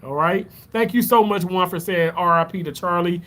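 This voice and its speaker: A man with a notably high-pitched voice talks loosely to his live-stream audience. He rambles in a heartfelt way and keeps circling back to thank his viewers. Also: normal speed, few pauses, fairly bright tone. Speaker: livestreamer answering chat. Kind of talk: casual live stream chat.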